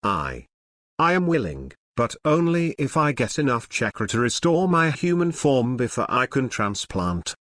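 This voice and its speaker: A man voicing a sinister but frightened snake ninja, speaking hoarsely. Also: medium pitch, big pitch swings, unhurried, a bit bright, no room sound, clean studio sound. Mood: cowed.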